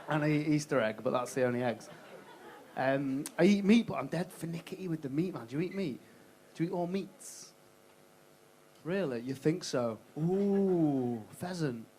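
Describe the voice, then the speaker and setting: A young comedian works a club crowd on a handheld mic, cheeky and foul-mouthed. His voice sits a touch high for a man. Faint noise runs under the set. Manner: cheeky, swearing, fast crowd banter. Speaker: stand-up comedian. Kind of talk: stand-up set with crowd work.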